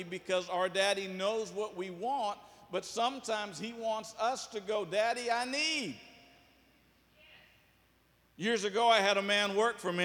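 A man's voice: high-pitched, a bit bright. A man preaching a sermon as pastor, folksy, with asides and jokes. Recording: long hall reverb.

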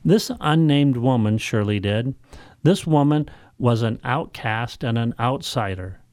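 A male pastor, preaching a sermon in measured, emphatic phrases full of rhetorical questions. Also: medium pitch, lively intonation, a little mellow, dry recording, clean studio sound.

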